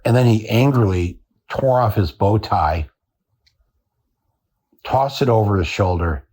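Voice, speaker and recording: An older American man hosting a podcast, delivering a deadpan satirical monologue and chuckling at his own jokes. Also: lowish voice, a little slow. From United States. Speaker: podcast host.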